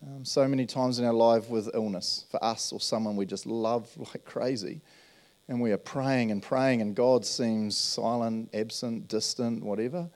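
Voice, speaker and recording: A man's voice: mid-range voice, fairly even intonation, normal speed, darkish tone. A man, preaching a casual, earnest sermon and often checking in with his listeners. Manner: earnest, storytelling, checks in with "right?". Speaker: pastor. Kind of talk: conversational sermon.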